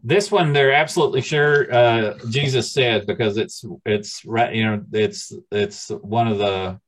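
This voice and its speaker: A man's voice: medium pitch, fairly even intonation, unhurried. A man leading a study group, teaching informally with a rambling, hesitant manner and many restarts.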